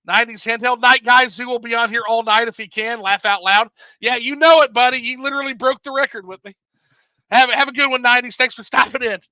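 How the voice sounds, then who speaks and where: A bright, high-voiced man hosts a casual livestream, reading the chat at a quick, smooth pace. He's animated, swears freely and laughs often, and the recording is rough but has no echo.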